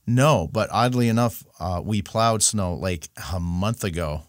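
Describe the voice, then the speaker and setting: A man's voice: lowish voice, unhurried, dry recording, studio quality. A man co-hosting a podcast in easy, affirming casual chat. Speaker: podcast co-host.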